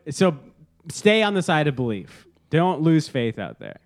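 A man's voice: on the high side, big pitch swings, unhurried. A man co-hosting a casual sports podcast, joking and laughing often as he talks. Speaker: podcast co-host.

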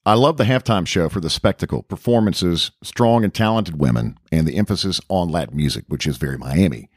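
Very deep-voiced wry male co-host. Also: brisk, dry recording, studio quality. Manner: wry, teasing, deadpan jokes. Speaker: radio co-host. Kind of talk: casual chat.

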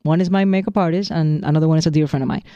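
A man with a high voice chats on a podcast, telling stories with lively acted-out quotes. His tone is dark and mellow, recorded dry and close. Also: racing, no echo, dull audio. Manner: animated storyteller, acts out quotes in a higher voice. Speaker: podcast co-host. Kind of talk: casual chat.

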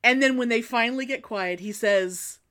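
A woman retelling a film in casual chat, animated and rambling, often restarting her sentences. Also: a little high, normal speed.

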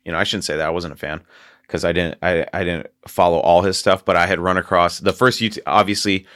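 A man's voice: low voice, level tone, fast talker, fairly bright tone, no room sound, studio quality. A man hosting a casual podcast, telling a long story in a rambling way and laughing often. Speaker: podcast host.

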